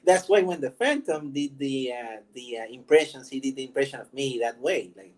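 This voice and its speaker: A man's voice: mid-range voice, fairly quick, hardly any pauses, a little mellow, poor audio. A man hosting his own channel, chatting casually, rambling, laughing often and joking about himself. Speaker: vlog host. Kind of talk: casual chat.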